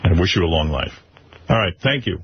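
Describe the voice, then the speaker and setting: A man's voice: sits low, animated, fairly quick. A man hosting a radio talk show, bantering wryly with callers and co-hosts. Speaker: radio host. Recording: muffled radio broadcast with faint hiss.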